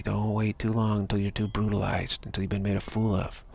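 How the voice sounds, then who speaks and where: A man's voice: fairly low pitch, flat delivery, fairly quick, vocal fry, a little mellow, breathy edge. A man giving a rambling spiritual talk on a live stream, repeating himself and restarting words often. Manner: repetitive, stumbling restarts, earnest. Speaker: spiritual teacher.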